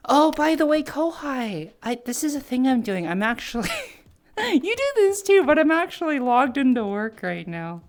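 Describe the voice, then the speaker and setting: A woman hosts a casual live stream and chats with her viewers. Her voice is bubbly and very animated in pitch. She drops into soft murmurs, then jumps up to excited squeals. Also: moderate pace.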